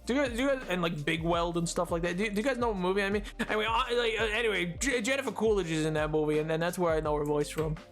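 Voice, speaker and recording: A man's voice: high-pitched, rapid-fire, few pauses, a bit bright, faint music behind. A man livestreaming a game, chatting casually and laughing often, with frequent stammered restarts and repeated words. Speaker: streamer.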